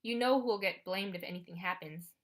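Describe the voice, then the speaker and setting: A woman's voice: lowish voice, brisk, natural voice. A woman voicing a scrawny, nervous schoolboy who talks in a timid, soothing way in an audiobook reading. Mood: worried. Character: scrawny nervous boy, gentle and anxious.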